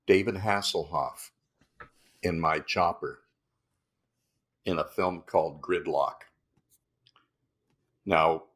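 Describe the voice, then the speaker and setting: Brief: older male actor, guest, lively storyteller, slips into put-on voices. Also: sits low. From Canada. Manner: acts out lines in put-on voices, swears freely. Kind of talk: animated anecdote telling.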